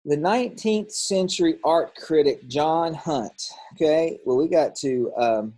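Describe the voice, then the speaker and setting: Guy reviewing grammar homework out loud, mellow kinda breathy voice, stops and fixes himself a lot. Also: fairly high pitch, measured pace, low-quality recording. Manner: thinks aloud, corrects himself. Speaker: teacher.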